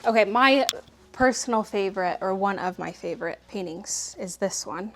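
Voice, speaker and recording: Woman antique dealer rambling at home while unboxing, laughs a lot, mid pitch. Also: noisy background. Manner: chatty, laughs often, quick asides. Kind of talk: casual unboxing vlog. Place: home, indoors.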